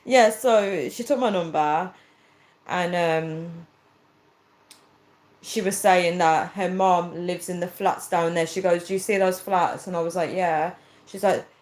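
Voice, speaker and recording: A woman tells a story on her livestream in a casual, chatty way. She acts out each line of the conversation, and her voice sits at an ordinary middle pitch. The sound has a roomy echo around it. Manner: chatty storyteller acting out quoted dialogue, earnest. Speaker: livestreamer reading viewer comments.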